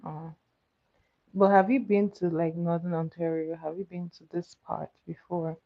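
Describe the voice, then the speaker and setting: Chatting casually with her live viewers while doing her makeup, this livestream host answers their comments and laughs often. Her voice is on the low side, with a flat delivery at normal speed. The recording sounds slightly muffled and dull.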